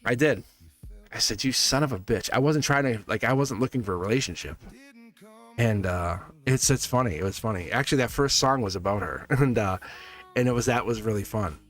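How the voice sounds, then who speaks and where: A man's voice: fairly low pitch, a little fast. A man hosting a casual tarot reading livestream from his studio, talking in a rambling, chatty way and laughing often. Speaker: tarot reader and host.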